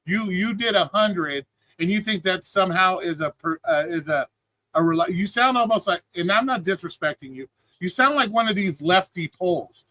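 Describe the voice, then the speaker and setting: A man's voice: high-pitched, animated, moderate pace, sharp tone, no echo. A man hosting a live stream, arguing in a blunt, profane, lecturing way. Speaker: streaming show host. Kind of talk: heated livestream argument.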